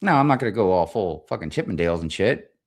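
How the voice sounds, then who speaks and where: A man ranting as a streamer, swearing constantly, animated and exasperated. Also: low-pitched, fast. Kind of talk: profane comedic rant.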